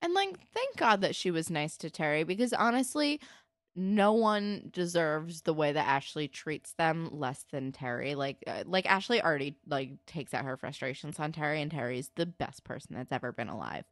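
A woman's voice: low voice, normal speed, no room sound, clean studio sound. Young woman animatedly recapping a show. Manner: animated retelling with acted-out quotes. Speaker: podcast co-host recapping a TV episode. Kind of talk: casual chat.

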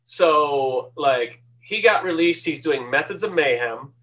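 Animated middle-aged guest telling stories, higher voice, mic set back. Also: male voice, slow pace, recorded from a distance, low-quality recording. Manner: lively anecdotal, acts out quoted voices. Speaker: guest tattoo artist. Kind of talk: storytelling interview.

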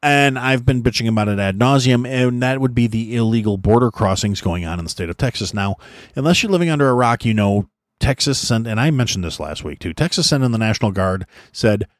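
In clean studio sound with no echo, a podcast host from the United States delivers a profane political rant. His mid-range voice is animated and brisk, and he curses heavily, speaks bluntly, and keeps restarting his sentences.

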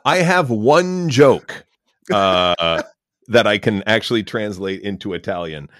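A comedian from Canada co-hosting a podcast, chatting casually and wandering through long digressive jokes. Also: male voice, lowish voice, animated, slow, a bit bright, dry recording, clean studio sound. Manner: meandering, digressive storyteller. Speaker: comedian and co-host.

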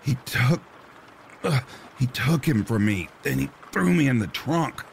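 Stammering wounded husband, breathless and scared, as a horror narrator puts him on. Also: male voice, medium pitch, lively intonation, unhurried, vocal fry, a little hiss or hum, pitched above the performer's own voice. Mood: panicked. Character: wounded frightened husband, man.

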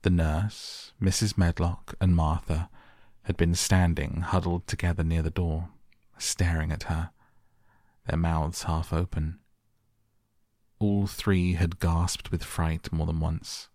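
A man narrating a classic novel as a soft bedtime audiobook, calm and measured. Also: low-pitched, dry recording, clean studio sound.

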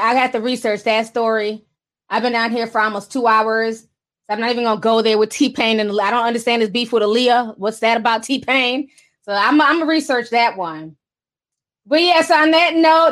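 A woman with a high voice runs a casual livestream, reading out viewer messages and trading gossip. She talks in a sassy, chatty way and mocks people by acting out their quotes. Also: a bit bright. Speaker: livestream host reading super chats. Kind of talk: casual celebrity gossip commentary.

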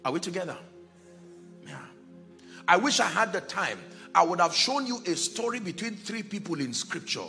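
A man preaching a sermon as pastor, dramatic, dropping to a hush and rising to shouts, acting out the people in his stories. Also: high-pitched, lively intonation, normal speed, vocal fry, faint music behind. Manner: acts out Bible characters in quoted dialogue.

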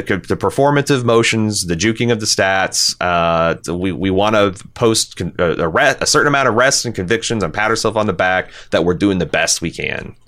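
A man's voice: lowish voice, fairly bright tone. A man hosting a podcast, talking casually and bluntly, swearing freely as he reads listener comments and gives his opinions. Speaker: podcast host.

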